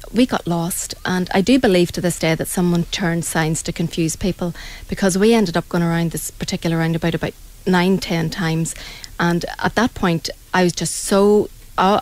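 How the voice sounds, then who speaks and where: A middle-aged woman with a Northern Irish accent, an angel reader telling a story in a radio interview in an animated, dramatic way. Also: lowish voice, moderate pace, rough recording. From Northern Ireland.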